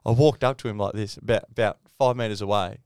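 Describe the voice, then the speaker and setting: A man's voice: fairly low pitch, fairly even intonation, fairly quick, darkish tone, clear, resonant tone, no echo, studio quality. A middle-aged Australian man co-hosting a podcast in casual chat, laughing and swearing as he tells stories and acts out the people in them. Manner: laughing storyteller, swearing, acting out people he quotes. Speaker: podcast co-host.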